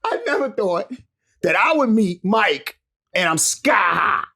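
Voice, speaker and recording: An interview guest with a high-pitched, sharp voice and vocal fry tells a wild story slowly but animatedly. He swears often, laughs throughout, and acts out the voices of the people involved.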